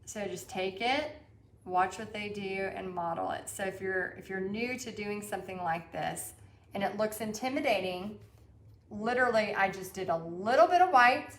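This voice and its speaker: A woman's voice: medium pitch, normal speed, reverberant. A woman with a Texan accent teaching a live-streamed painting lesson, chatting and reading viewers' comments aloud. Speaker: paint party instructor.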